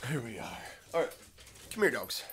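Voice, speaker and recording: A man's voice: mid-range voice, sing-song, normal speed, fairly bright tone. Man hosting a home livestream; casual, rambling with fillers, cooing to his dogs. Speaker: livestream host. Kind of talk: casual morning livestream chat.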